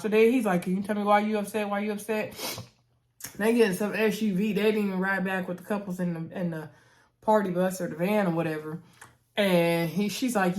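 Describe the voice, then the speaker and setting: A woman casually recapping a reality TV episode, chatty and animated, acting out what the cast said and calling out to her viewers. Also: mid-range voice. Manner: chatty, animated, acts out quotes of cast members; uses "y'all" and "girl".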